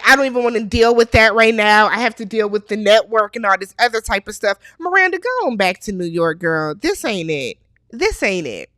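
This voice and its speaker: Chatty, opinionated female recap host; slightly high, dry close-mic delivery. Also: dry recording. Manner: chatty, opinionated, animated quoting of characters. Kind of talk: casual TV recap chat.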